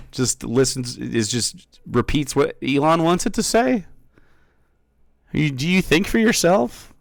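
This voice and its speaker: Male streamer, sarcastic and teasing; unhurried, swooping delivery, dry close sound. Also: fairly high pitch, sing-song, dry recording. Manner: sarcastic, mocking, arguing with chat. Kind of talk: casual live-stream chat.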